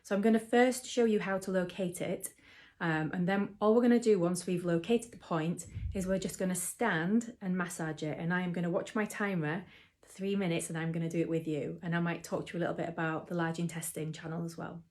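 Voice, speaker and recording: A woman who teaches mindfulness and acupressure in a gentle, chatty way, with frequent ums. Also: lowish voice, fairly even intonation, a little fast. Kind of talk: relaxed instructional talk to camera.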